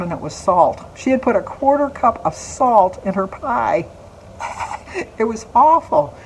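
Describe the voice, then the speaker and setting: A woman's voice: mid-range voice, darkish tone, a little hiss or hum, poor audio. A woman in her sixties chatting casually in a vlog, telling a family story, laughing often and acting out the lines of relatives. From United States. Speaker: vlogger.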